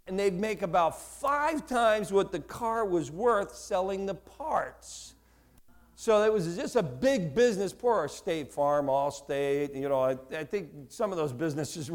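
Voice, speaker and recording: A man in his sixties from the Newark, New Jersey area gives his sermon testimony, acting out dialogue with animated, self-mocking humor. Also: sits high. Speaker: preacher giving his testimony.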